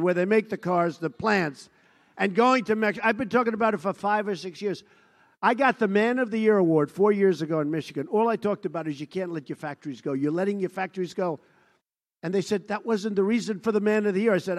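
A man's voice: high voice, fairly bright tone. A man giving a boastful, repetitive rally speech, mocking the people he quotes. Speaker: speaker at a political rally. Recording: long reverb of a large hall.

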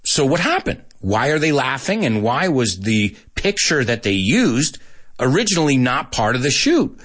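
A man teaching English to Spanish speakers in a casual, animated show, acting out lines and then translating them. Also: mid-range voice, normal speed. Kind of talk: bilingual language lesson, casual and animated.

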